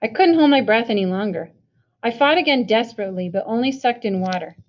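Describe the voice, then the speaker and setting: A woman reading a novel chapter aloud in an even storytelling manner. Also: a little high, quick pace. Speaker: reader.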